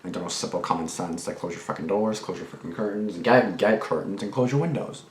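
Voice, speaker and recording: A young man's voice sits low and moves fast as he casually rambles through reaction commentary and a personal story. As a reaction channel host, he swears and restarts often and leans on fillers; the room echoes, with faint background noise.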